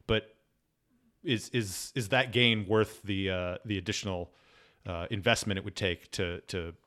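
A man in casual conversation as a podcast co-host, explaining points in a measured way with repeated words. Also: fairly low pitch, steady tone, a bit bright.

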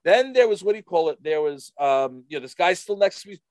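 A man casually telling a rambling, animated story full of fillers to a friend. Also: on the high side, fairly quick, no room sound. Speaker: storyteller in a chat.

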